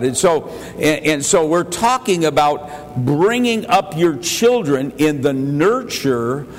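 A man's voice: on the high side, gravelly, long reverb tail, slight background noise. An older man preaching a sermon as pastor, telling folksy family stories and pushing his voice up for emphasis. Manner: folksy storytelling, chuckles, bursts louder for emphasis.

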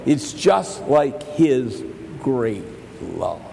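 An earnest preacher delivers an evening sermon, his voice climbing into half-sung exhortation. The man's voice rings through a reverberant church hall, with a faint low rumble behind it. His pitch sits in the middle of the male range. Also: big pitch swings, extremely slow, vocal fry, mellow.

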